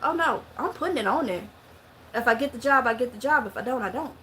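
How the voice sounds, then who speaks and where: Woman, middle-aged, Mississippi Southern accent, high-pitched, bright and forceful, animated casual storytelling vlog. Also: fast, slight background noise. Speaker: vlogger. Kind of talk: casual monologue to camera.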